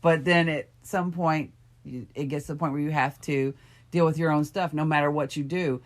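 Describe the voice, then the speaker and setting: A woman's voice: low-pitched, steady tone, moderate pace. A middle-aged woman on a podcast, talking candidly and reflectively in a casual chat, soothing and supportive toward her friend. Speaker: podcast co-host. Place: bedroom, on a bed.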